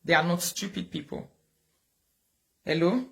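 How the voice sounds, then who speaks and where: A woman's voice: mid-range voice, lively intonation, fast, bright, forceful tone. An outspoken, talkative woman with a Nigerian accent, hosting a casual live video and mixing in pidgin. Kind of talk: casual live-stream talk.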